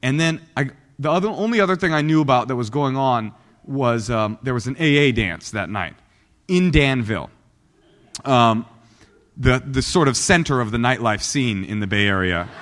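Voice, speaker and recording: A man in his forties from Oakland gives a personal recovery talk to a live audience. He tells it as a joking, self-deprecating storyteller at a middle pitch. The voice carries a long reverb from a meeting hall. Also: animated, normal speed, a bit bright. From Oakland, California. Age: 40s. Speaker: guest speaker at a recovery meeting.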